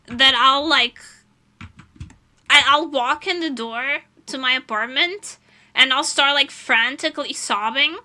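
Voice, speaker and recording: A young woman streams, chatting casually and rambling along. She laughs often and swears freely. Her voice sits high and sounds very bright. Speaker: vtuber streamer. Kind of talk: casual chat.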